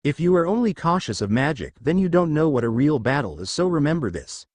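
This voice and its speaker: A man's voice: a little high, big pitch swings, brisk, no room sound. A man voicing an overpowered young demon king who talks in a lazy, teasing, offhand way.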